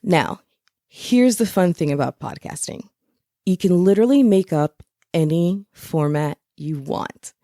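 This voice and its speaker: Lively, chatty woman podcast host. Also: fairly low pitch, measured pace, no room sound, clean studio sound. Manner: chatty, laughs at her own asides. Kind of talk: solo podcast teaching episode.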